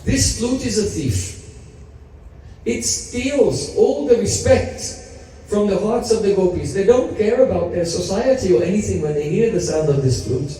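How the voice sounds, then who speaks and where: A man's voice: sits high, expressive, a little slow, mellow. A man voicing a scornful, insistent young woman. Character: scornful young woman urging her friend. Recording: echoey hall, mic at a distance.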